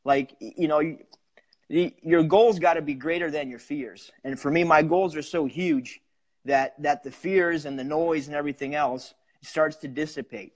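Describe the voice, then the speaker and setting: A man talking in a casual interview, energetic and upbeat, with a raised excited tone. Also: fairly high pitch, normal speed. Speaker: wholesaler and coaching student.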